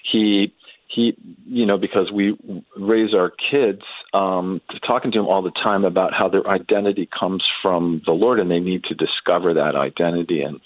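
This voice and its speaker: Deep-voiced man telling a family story. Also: no room sound, phone-quality sound. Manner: halting, with many restarts and fillers. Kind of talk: casual storytelling in a faith podcast interview.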